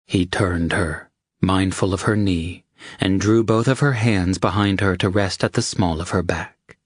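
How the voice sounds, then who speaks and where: A male audiobook narrator reads scripted material in a very low, husky voice, keeping a steady, measured delivery. The recording is dry and close, with no room sound at all.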